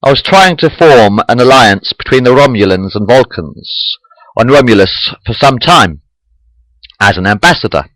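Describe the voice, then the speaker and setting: A man voicing a calm, reserved alien ambassador in a matter-of-fact way. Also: mid-range voice, moderate pace, no echo, natural voice, poor audio.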